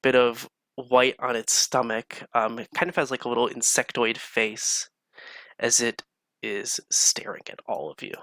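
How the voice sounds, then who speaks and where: A man's voice: medium pitch, steady tone, a little slow, bright, forceful tone, dry recording. A man running a tabletop game as game master, describing scenes casually with lots of fillers.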